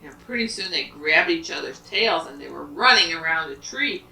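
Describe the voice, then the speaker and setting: Animated woman telling a story to a child. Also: sits low, moderate pace, vocal fry. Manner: animated, asks the child questions. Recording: roomy, from a distance.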